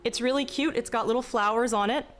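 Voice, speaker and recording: A young woman streaming, speaking in a slow, deliberately calm, mock-soothing way with a touch of vocal fry, joking with chat. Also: a little high. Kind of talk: casual live-stream chat. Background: faint background music.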